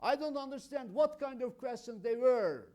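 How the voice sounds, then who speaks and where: A man teaching an English grammar lesson, explaining slowly and emphatically through examples. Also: extremely high pitch, lively intonation, warm tone. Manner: slow, emphatic, explains with examples, keeps saying "my friends".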